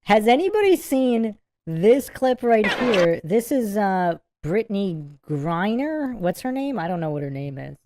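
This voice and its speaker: Woman, livestream host, casual reaction commentary, giggly, rambling, bouncy pitch. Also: big pitch swings, a little slow, darkish tone, a little hiss or hum. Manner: giggly, keeps breaking into laughter; rambling, repeats itself.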